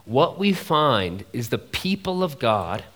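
A man in his thirties preaching a sermon at a conference, animated and chatty with asides to the listeners. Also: mid-range voice, slow pace. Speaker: pastor. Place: conference hall.

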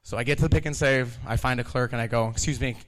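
An animated man in his thirties tells a story live, laughing often and acting out the voices of the people in it. His voice sits at an everyday middle pitch. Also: fast. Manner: animated, laughing, acts out quotes. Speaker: storyteller, kitchen manager.

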